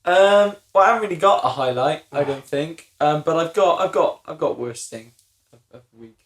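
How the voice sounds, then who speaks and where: A man's voice: fairly high pitch, lively intonation, moderate pace. A man telling a story in casual chat on a podcast, rambling and self-deprecating with many fillers. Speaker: podcast co-host. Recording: echoey room, faint noise.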